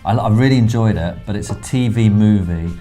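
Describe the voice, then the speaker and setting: Mellow english guy hosting a film chat, rambles a lot, soft guitar music under it. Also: on the low side, brisk. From Hertfordshire, England. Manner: rambling, self-correcting. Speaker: film review host.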